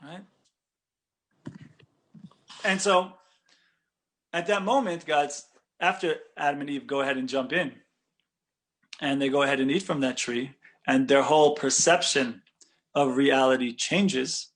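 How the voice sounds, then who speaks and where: A man, a rabbi, giving an animated Torah lecture, talking conversationally and often checking in with "right?". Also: mid-range voice, measured pace, pauses often. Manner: conversational, with frequent "right?" check-ins and restarts.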